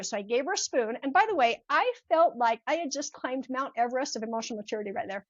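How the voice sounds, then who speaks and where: Her voice high and her pace fast, this older mindset coach barely pauses while recounting a personal story on a podcast interview. She's animated and acts out each character's voice. The recording is muffled and free of echo.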